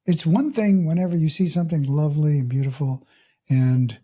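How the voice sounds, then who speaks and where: A middle-aged man, a mindfulness coach hosting a podcast, telling a story in a calm, unhurried way and often clearing his throat. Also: on the high side. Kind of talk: reflective podcast monologue with a story.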